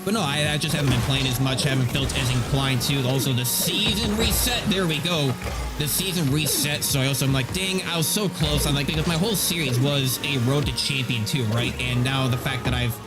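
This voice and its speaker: A man's voice: medium pitch, brisk, over loud music. A man streaming a game, chatting casually and rambling as he tests his settings, his voice slightly nasal on a streaming mic. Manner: rambling and self-correcting, chatty. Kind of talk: casual live-stream chat while gaming. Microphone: streaming microphone. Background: game audio.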